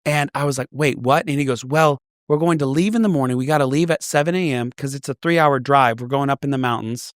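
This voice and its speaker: A man's voice: mid-range voice, fast, few pauses, no room sound, clean studio sound. A man guesting on a podcast, telling a story in casual chat and acting out the voices of the people he quotes. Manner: animated storyteller who acts out quoted voices.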